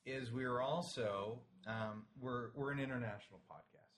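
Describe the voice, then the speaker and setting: A man's voice: medium pitch, moderate pace, noisy background. A man hosting a podcast, joking around in casual banter and reading listener emails aloud. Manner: jokey, rambling, reads listener emails aloud. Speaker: podcast host.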